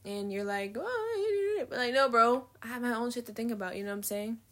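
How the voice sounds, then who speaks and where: Talking at a quick pace, this podcast host has a voice on the high side, steady in tone and a bit bright. She's nineteen and runs a casual solo show, rambling, swearing, filling gaps with fillers, and laughing at herself, and she mentions having a slight lisp.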